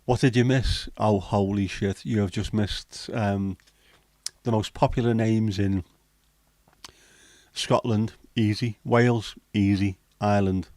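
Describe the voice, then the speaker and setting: A man's voice: lowish voice, steady tone, slow pace, a little mellow, no echo. A man hosting a casual livestream, chatting, swearing freely and reading viewer comments aloud. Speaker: livestream host.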